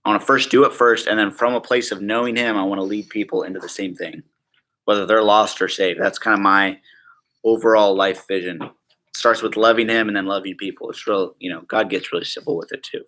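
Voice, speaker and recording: Laid-back low-voiced male teacher. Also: fairly even intonation, brisk, bright, forceful tone. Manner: chatty, joking, full of "like" and "right?". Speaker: teacher at a prayer school. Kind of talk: casual classroom teaching.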